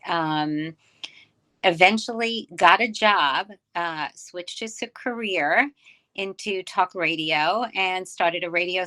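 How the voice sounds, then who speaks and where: An older woman from New York, chatting as an interview guest. Her voice is bright and forward, sitting a touch low for a woman, and she tells her story in quick, easy bursts. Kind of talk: casual interview chat.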